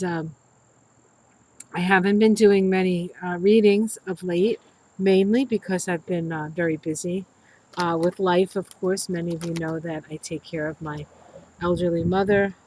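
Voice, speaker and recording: A woman's voice: fairly low pitch, a little hiss or hum, low-quality recording. A middle-aged woman, an astrologer, talking casually and rambling to her viewers with many ums and restarts. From United States. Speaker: astrologer and tarot reader. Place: healing center room.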